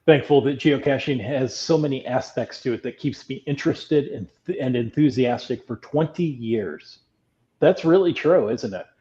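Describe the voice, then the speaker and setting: A man's voice: mid-range voice, normal speed, mellow, dull audio. A man co-hosting a casual podcast, reading listener comments and chatting in a friendly, laughing way. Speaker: podcast co-host. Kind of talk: casual chat.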